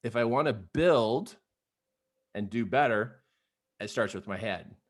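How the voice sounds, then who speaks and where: A middle-aged man giving an energetic, conversational coaching talk, tossing in "you know" and "right?" as he speaks to an online group. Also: on the low side, a little slow. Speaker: motivational trainer.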